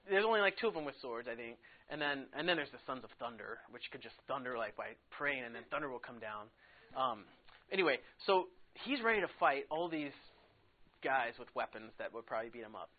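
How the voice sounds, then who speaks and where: A man teaching a casual Bible lesson to a class in a classroom, chatty and quick to laugh, saying "like" a lot. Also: mid-range voice, expressive. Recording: tinny phone-like sound.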